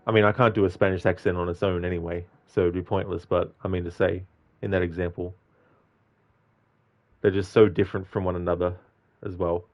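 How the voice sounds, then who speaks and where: A man's voice: deep voice, flat delivery, a little fast, muffled recording. A man chatting casually on a game live stream, reading out and answering viewers by name.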